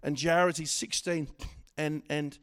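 Middle-aged male preacher, high-pitched, animated sermon delivery with stammered restarts. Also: slow pace. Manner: animated, swings from loud exhortation to quiet asides, stammering restarts.

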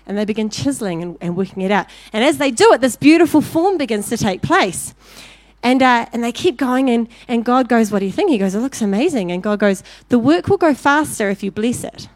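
A woman preaching a sermon, telling a story with lively acted-out voices before turning to direct exhortation. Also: fairly high pitch, brisk, dry recording. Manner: animated storyteller, acting out voices in anecdotes.

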